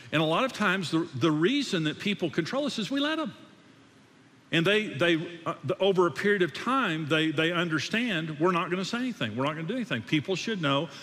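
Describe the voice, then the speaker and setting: A man preaching a sermon in a slightly high voice, emphatic and repetitive, often restarting sentences. His words ring out with a long echo in a hall. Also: fairly bright tone. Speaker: pastor.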